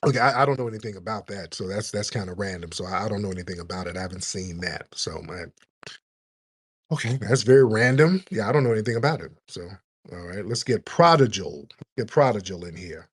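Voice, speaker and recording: A man's voice: fairly low pitch, expressive, a little fast, slightly rough. A man hosting a call-in show, talking bluntly and casually, teasing his callers and lecturing at length.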